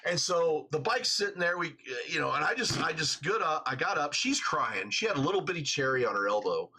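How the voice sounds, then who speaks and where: A man in a casual chat, telling a long story in an animated way, laughing often and swearing freely, with a husky voice. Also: a little high, brisk, a little hiss or hum.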